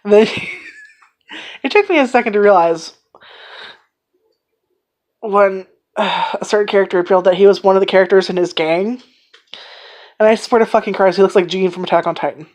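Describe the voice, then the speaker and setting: A woman giving a casual, rambling anime review, excitedly retelling scenes and swearing freely. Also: medium pitch, moderate pace, long pauses.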